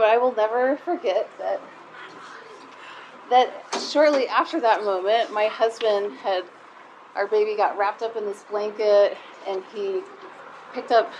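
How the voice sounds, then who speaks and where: A woman's voice: medium pitch, a little slow, slight background noise, rough recording. Heartfelt woman speaking to moms. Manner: heartfelt, conversational, near tears at times. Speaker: speaker at a mothers' group. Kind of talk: personal talk to a live group.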